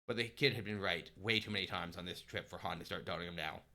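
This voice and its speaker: Low-voiced man narrating a story. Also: fast, gravelly. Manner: steady narration with small restarts. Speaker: streamer reading a story aloud. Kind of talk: live-streamed story narration.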